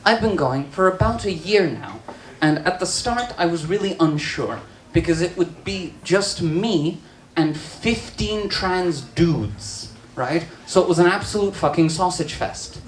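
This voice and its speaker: A trans woman performing a stand-up comedy set in a bar, telling stories with deadpan asides. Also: lowish voice, unhurried, few pauses, a little hiss or hum. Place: bar with live audience. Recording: roomy bar recording with crowd laughter.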